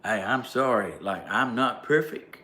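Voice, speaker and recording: A man's voice: mid-range voice, lively intonation, unhurried, heavy background noise. A man with a Southern American accent telling a story in a rambling, casual way, leaning on "like" and breaking into emphatic bursts. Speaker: vlogger. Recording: roomy echo, faint ambience.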